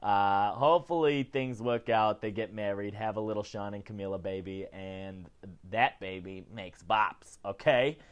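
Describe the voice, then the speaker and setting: A man hosting a casual celebrity news show, chatty and animated, often tagging his lines with "okay?". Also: fairly low pitch, unhurried, clean tone, highs cut off. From not British. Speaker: host.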